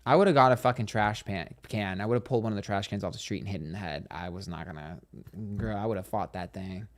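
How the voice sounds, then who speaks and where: A man hosting a psychic livestream, telling stories in a sassy, dramatic, profane way, speaking quietly on a train. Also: fairly low pitch, fast talker. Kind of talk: casual livestream chat.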